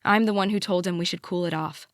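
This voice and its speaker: A young adult woman narrating a first-person audiobook in a measured, emotive way. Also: fairly low pitch, steady tone, dry recording, studio quality.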